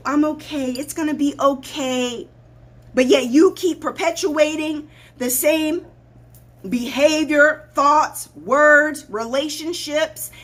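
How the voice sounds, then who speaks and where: A woman's voice: sits high, fairly bright tone. A woman life coach hosting her own show, talking straight to viewers in a blunt, preachy way and repeating points for emphasis. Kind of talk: livestream talk to viewers.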